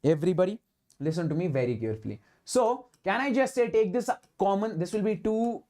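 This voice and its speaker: A man's voice: high-pitched, expressive, fairly quick, mellow. An Indian man leads an online physics lecture for exam students. He talks emphatically and repeats key phrases, pushing the class to follow each step. He drops Hindi words into his English as he works through problems. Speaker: physics teacher.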